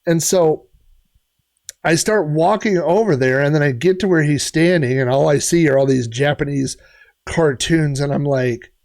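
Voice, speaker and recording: A man's voice: a little high, moderate pace, a little mellow. Rambling middle-aged man telling stories. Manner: rambling, many fillers and restarts. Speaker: retro gaming streamer. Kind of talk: casual storytelling on a stream.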